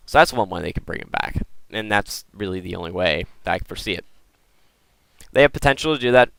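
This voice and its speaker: A man hosting a gaming video, excitedly rambling through lore theories and often repeating his words. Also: lowish voice, fast talker, vocal fry, smooth, no room sound, poor audio. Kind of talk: casual lore theorizing talk.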